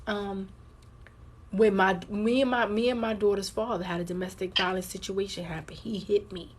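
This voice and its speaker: Livestream host: a husky-voiced woman telling her viewers a personal story, candid and conversational. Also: mid-range voice, steady tone, moderate pace. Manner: candid, conversational, addresses viewers as girl and y'all.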